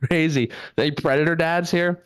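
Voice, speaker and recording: Young male comic working a video-call crowd, loose and rambling with lots of likes, smooth resonant voice, dead-dry home mic. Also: a little high, fairly even intonation, measured pace, no echo. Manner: loose rambling delivery, lots of likes and uhs, laughs at own jokes. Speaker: stand-up comedian. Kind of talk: stand-up set on a video call show. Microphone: home microphone.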